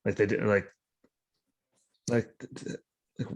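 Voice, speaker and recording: A man's voice: fairly low pitch, little pitch movement, takes it slowly. A sleep-deprived man hosting a podcast over a video call, talking in a blunt, sarcastic, profane and rambling way. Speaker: podcast host. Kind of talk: casual political chat.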